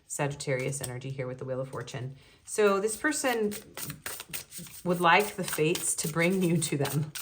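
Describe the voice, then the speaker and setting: A woman's voice: low-pitched, lively intonation, moderate pace, a little hiss or hum. A woman giving a casual tarot reading, chatty and giggly, with many ums and likes. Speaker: tarot reader.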